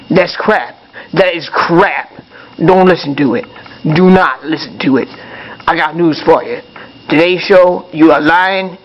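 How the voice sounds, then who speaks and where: A man's voice: on the high side, lo-fi sound, lightly acted. A man voicing a grumpy male puppet who rants angrily in a puppet show monologue, with apologetic asides. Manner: angry ranting, apologetic asides.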